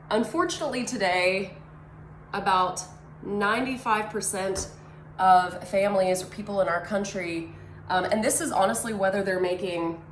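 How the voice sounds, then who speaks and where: A woman, a money coach explaining finances in a casual, conversational way as she draws on a board. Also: medium pitch. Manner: conversational, drawing as she explains, many fillers. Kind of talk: whiteboard financial talk. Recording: echoey room, faint ambient noise.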